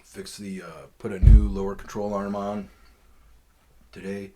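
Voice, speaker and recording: A man's voice: fairly low pitch, completely flat delivery, a little slow, mellow, slight background noise. A man hosting a podcast, telling a long personal story in a rambling, profane way with lots of fillers. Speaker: podcast host. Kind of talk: casual storytelling.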